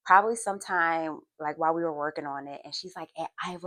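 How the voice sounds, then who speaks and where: A woman from Philadelphia who hosts a faith and therapy podcast, telling a personal story with animated flair, then reflecting earnestly. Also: low voice, fast, dry recording, clean studio sound. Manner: animated storytelling, acts out voices in quotes.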